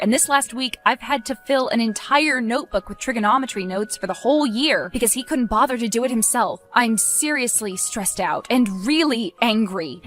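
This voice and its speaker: A woman voicing a stressed teenage high school boy who talks tensely and pleads, then snaps into anger. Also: a bit bright.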